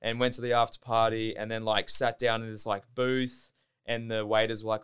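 A man's voice: lowish voice, level tone, moderate pace, fairly bright tone, clean tone. A young Australian man telling a story in casual podcast chat, loose and sweary, leaning on "like" as a filler. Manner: loose, swears often, heavy use of "like". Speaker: podcast guest, Olympic diver.

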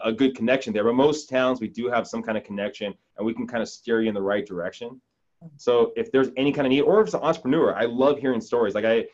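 A man's voice: lowish voice, muffled recording. A man speaking as a podcast guest in casual chat, encouraging and coaching, often repeating words as he starts. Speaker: podcast guest, real estate agent.

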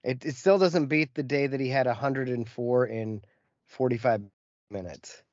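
A man's voice: mid-range voice, moderate pace, darkish tone, no echo, muffled recording. A man chatting casually on a video call, rambling and swearing freely as he tells stories about his work as a teacher. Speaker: co-host, teacher. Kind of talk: casual chat.

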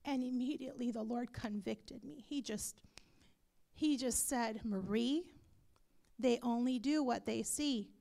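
Slow, gravelly high-voiced woman preacher. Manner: fervent, breaks into whispered prayer. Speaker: pastor. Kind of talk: sermon and prayer. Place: church.

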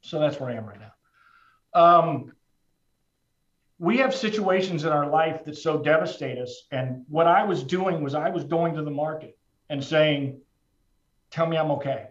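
A man's voice: on the high side, measured pace. Frank middle-aged man, roomy, dull sound. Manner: frank and heartfelt, plain-spoken with casual restarts. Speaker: trader speaking as a guest. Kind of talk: candid personal storytelling in a conversation.

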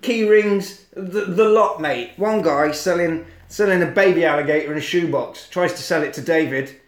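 A man tells a story in a casual, animated way, swearing freely and putting on silly voices. His voice sits fairly high. The room around him is echoey. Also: moderate pace. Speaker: podcast co-host. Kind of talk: casual chat, retelling a film plot.

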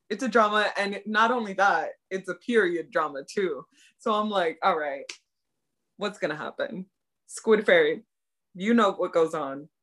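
A young woman co-hosting a casual chat, excitedly retelling scenes in slangy talk. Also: medium pitch. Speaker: podcast co-host. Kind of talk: casual chat recapping a drama.

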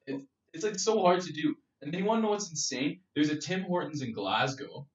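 A Canadian man co-hosting a podcast, telling stories in a lively, rambling casual chat full of fillers. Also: fairly high pitch, a little fast. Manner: animated, filler-heavy storytelling. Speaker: podcast co-host. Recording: roomy, distant, dull-sounding mic.

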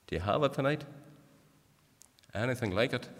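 A man preaching a sermon, earnestly addressing the congregation and swinging from emphatic peaks to hushed appeals. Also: mid-range voice, lively intonation, moderate pace. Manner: repeatedly addresses the congregation directly. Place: church. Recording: reverberant hall.

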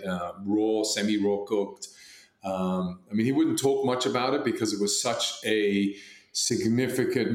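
A man's voice: fairly low pitch, roomy sound. A man in casual podcast chat, rambling with many fillers and restarts. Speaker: podcast co-host.

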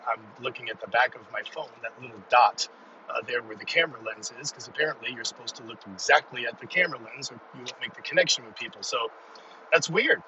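A middle-aged man talks through a casual solo podcast from his parked car, rambling and poking fun at himself. His voice is bright and forward, and the recording is a little dull, with faint vehicle noise under it. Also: medium pitch, far from the mic. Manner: rambling, self-deprecating, excitable. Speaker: podcast host.

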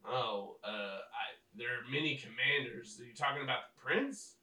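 Guy doing a grizzled old one-eyed quartermaster, gruff, bright voice in a roomy echo. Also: mid-range voice, normal speed. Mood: grumbling. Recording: roomy echo, mic at a distance.

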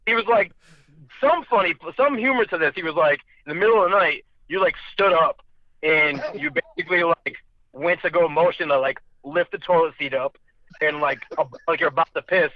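A man's voice: on the high side, a little fast, no echo. Profane rambling storyteller man, lo-fi. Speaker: storyteller guest. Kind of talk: casual chat. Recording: dull lo-fi dry sound.

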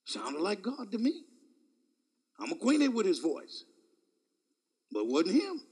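A man preaching a sermon in a dramatic manner, swinging between shouts and hushed asides and chuckling often between phrases. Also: high-pitched, wildly swooping pitch, slow pace, slightly rough.

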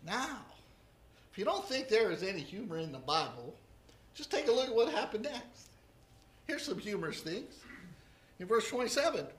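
A preacher giving a sermon, retelling a scripture story with humor and lively storytelling. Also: mid-range voice, normal speed, pauses often. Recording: roomy echo.

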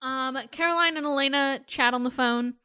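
A woman's voice: high-pitched, normal speed, sharp tone. A woman casually recapping a TV episode for a co-host, chatty and full of "like" fillers. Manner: chatty, lots of "like" fillers, acts out quotes. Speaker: podcast co-host.

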